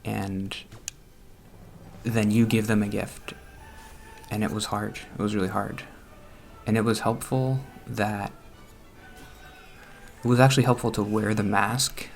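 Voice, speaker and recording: Low, gravelly young man rambling nervously. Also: little pitch movement, unhurried, long pauses, faint music behind. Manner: rambling, self-conscious, laughs nervously. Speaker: gaming vlogger. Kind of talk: casual chat over gameplay. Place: room at home.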